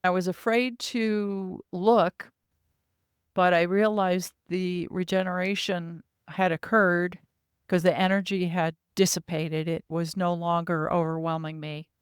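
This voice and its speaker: A woman's voice: on the low side, level tone, measured pace, clear, resonant tone, no echo. Female guest, earnest vivid storyteller, dry close sound. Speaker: podcast guest. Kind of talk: recounting personal experiences.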